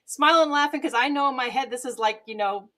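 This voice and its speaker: Woman interview guest, fairly high voice, animated storyteller who acts out the quotes, webcam mic. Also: fairly quick. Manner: lively, laughs often, acts out quoted dialogue. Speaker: guest, TV show host and business owner. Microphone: webcam microphone.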